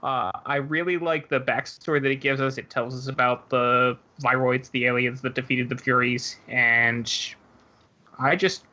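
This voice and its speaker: Bright-voiced man, podcast guest. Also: medium pitch, level tone, moderate pace, lo-fi sound. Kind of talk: casual podcast chat.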